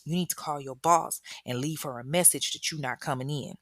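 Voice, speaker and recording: A woman's voice: sits low, a little fast, a bit bright, dry recording, studio quality. Woman voicing a menacing, controlling boyfriend. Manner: blunt, menacing, slangy. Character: volatile controlling man, boyfriend turned captor.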